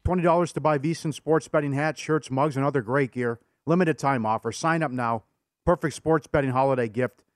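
A man's voice: medium pitch, brisk, dry recording, studio quality, soft background music. A man co-hosting a sports betting talk show, laughing easily and reading ads in a casual way. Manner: laughs often, chewing and mumbling at times.

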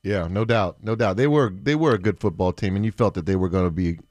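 A man's voice: low voice, fast talker, a little mellow, no room sound. A man co-hosting a sports radio show who teases his colleagues and talks through his thoughts at length. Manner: easygoing, teasing, talks in long run-on thoughts. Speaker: co-host, football analyst.

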